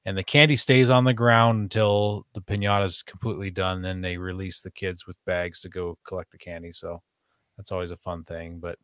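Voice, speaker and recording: Rambling low-voiced man. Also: level tone, a little fast, a bit bright, clean tone, dry recording, clean studio sound. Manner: rambling, many restarts and fillers. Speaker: podcast host. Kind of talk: casual chat.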